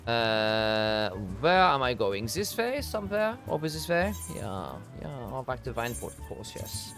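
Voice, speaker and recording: Streamer muttering thru a game, pitch all over, soft game music under. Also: wildly swooping pitch, measured pace. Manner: chatty, thinking aloud, trailing off with fillers. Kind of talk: casual live gameplay chat.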